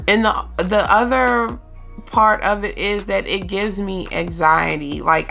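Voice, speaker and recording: A mother talking candidly in a personal vlog, slow and halting, with many pauses and ums, open about her feelings. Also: fairly low pitch, vocal fry, bright, forceful tone. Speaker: mother vlogger.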